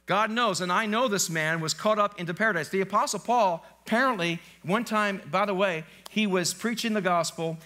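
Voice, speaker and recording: A man's voice: high voice, pushed and bright. A male pastor preaching a live church sermon in a conversational, joking way, often quizzing the congregation. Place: church sanctuary, live service.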